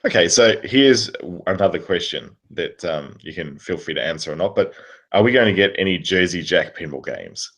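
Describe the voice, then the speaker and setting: A man co-hosting a podcast with a very deep voice and a husky edge. He reads listener questions aloud in an easygoing, casual way. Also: expressive, moderate pace, a bit bright. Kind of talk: casual chat.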